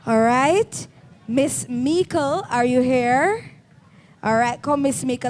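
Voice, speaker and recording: A woman's voice: sits high, expressive, takes it slowly, a little hiss or hum. A woman hosting a children's reading event, leading the crowd in firm, coaxing call-and-response prompts. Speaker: event host for schoolchildren.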